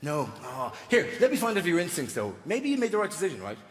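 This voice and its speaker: A man's voice: a little high, huge pitch swings, fast. A man doing live stand-up comedy, chatting with and teasing the crowd, often acting out voices. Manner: chatty, mocking, acts out voices. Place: large theatre stage. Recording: live theatre reverb, crowd noise. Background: audience laughter.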